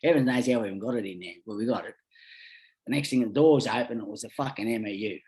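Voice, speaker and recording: A man's voice: on the low side, fast. A middle-aged Australian man, a podcast guest, telling rambling stories in casual talk and swearing constantly. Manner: lively, rambling anecdotes. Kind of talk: casual storytelling.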